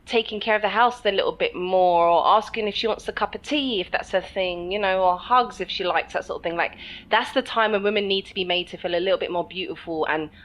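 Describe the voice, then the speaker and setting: A woman's voice: medium pitch, brisk, few pauses, fairly bright tone, rough recording. A woman co-hosting a podcast, chatting casually and animatedly, often laughing and acting out quoted voices. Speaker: podcast co-host. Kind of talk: casual chat.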